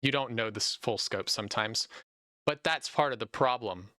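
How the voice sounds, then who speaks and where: Bright-voiced young man chatting on a podcast. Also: medium pitch, normal speed, no echo, studio quality. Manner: animated, talks in long run-on stretches. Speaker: podcast host. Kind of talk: casual podcast chat.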